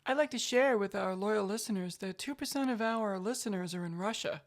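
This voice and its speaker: Woman, podcast co-host, comedian, casual chat, dry wry humor, teasing, middle pitch. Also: a little fast.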